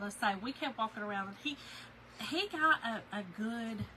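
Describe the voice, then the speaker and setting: Lady chatting while she crafts, laughs a lot, brightish higher voice. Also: lively intonation, moderate pace, slight background noise, rough recording. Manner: chatty, laughing, addresses viewers as y'all. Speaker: craft video host. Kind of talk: casual storytelling while crafting.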